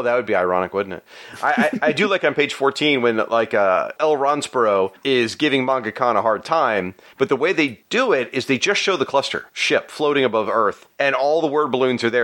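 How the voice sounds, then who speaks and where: Male podcast host, chatty, laughs easily, bright and animated delivery. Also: medium pitch, a little fast. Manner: animated, chatty, laughs often, breaks into silly voices. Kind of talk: casual podcast chat about comics.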